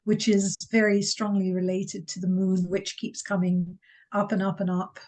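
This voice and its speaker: A woman in a reading group on a video call, thoughtful and soft-spoken. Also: medium pitch, little pitch movement, normal speed.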